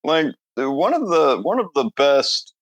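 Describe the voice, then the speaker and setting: A man's voice: fairly high pitch, sing-song, a little slow, dry recording. A young man co-hosting a podcast in casual banter, rambling through stories and laughing at his own jokes into a close mic. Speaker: podcast co-host.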